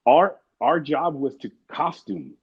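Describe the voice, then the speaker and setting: A man's voice: on the high side, lively intonation, takes it slowly, husky. A man in an interview, telling stories casually in a rambling, profane way and acting out what people said. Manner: rambling, profane, acts out quotes. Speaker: interview guest. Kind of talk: casual storytelling. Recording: muffled lo-fi sound.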